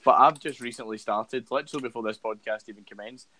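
Excitable teasing co-host. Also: male voice, medium pitch, fast talker, over music, poor audio. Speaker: podcast co-host. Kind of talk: casual chat.

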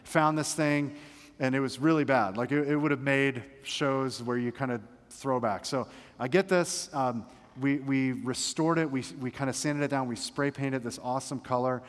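A man's voice: medium pitch, normal speed. A male pastor preaching a sermon, fervent and emphatic, with humorous asides. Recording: long reverb of a large hall.

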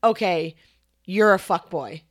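A young woman co-hosting a podcast, telling a story in casual chat, animated and profane. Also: lowish voice, slow. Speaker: podcast co-host.

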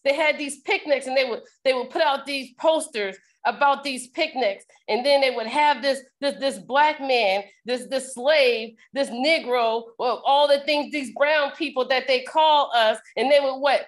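A woman with a somewhat high voice leads her congregation's show in a loose, sermon-like way. She repeats key phrases and circles back over her words, often restarting mid-thought. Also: unhurried, hardly any pauses. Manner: repetitive, preacherly, frequent restarts. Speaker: podcast host leading a congregation. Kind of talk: informal sermon-style talk.

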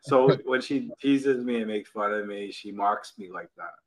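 A man's voice: medium pitch, moderate pace, low-quality recording. A man in his thirties, a podcast guest, chatting casually with teasing humor about family. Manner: joking, teasing storyteller. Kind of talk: casual chat.

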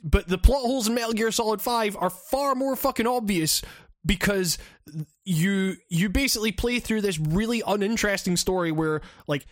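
A man's voice: high voice, normal speed, no room sound, clean studio sound. A man ranting about a game in casual chat, rambling and swearing with many restarts. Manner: rambling, profane, frequent restarts.

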